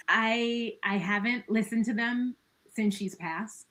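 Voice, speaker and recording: A woman appears as a guest in a casual podcast conversation, earnest and reflective, laughing between thoughts and using many "like" and "you know" fillers. Her voice is a little high, slow and a bit bright, and the recording is rough.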